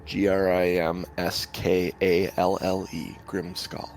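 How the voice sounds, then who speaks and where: A man's voice: low voice, flat delivery, measured pace, darkish tone, slight background noise. A man narrating as dungeon master, hesitant and full of ums. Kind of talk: narrating a tabletop game.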